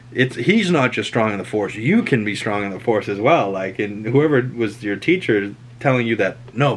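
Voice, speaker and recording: A man with a Boston accent casually recapping a TV episode, rambling and animated, slipping in quoted lines. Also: medium pitch. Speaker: show recap host.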